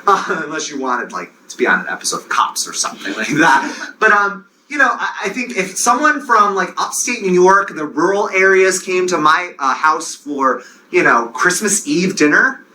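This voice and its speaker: A man with a Long Island accent giving a university classroom lecture, animated and digressive, with joking asides. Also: on the high side, slight background noise, rough recording.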